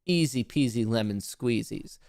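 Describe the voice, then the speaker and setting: Male live-stream host with a gravelly voice and a dry, close sound, rambling through market commentary with jokes. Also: medium pitch, animated, a little slow, a little mellow, dry recording. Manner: joking, rambling, self-mocking.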